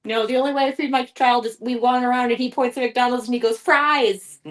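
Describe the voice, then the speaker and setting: A woman co-hosting a casual live stream chat, telling animated stories and mimicking her toddler's voice. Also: fairly high pitch, fast talker. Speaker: co-host.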